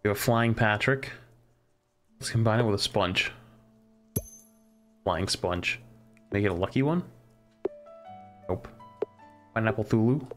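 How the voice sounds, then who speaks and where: A man's voice: fairly low pitch, unhurried, long pauses, soft background music. A man streaming a crafting game, musing aloud as he tries one combination after another. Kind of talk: casual live-stream commentary.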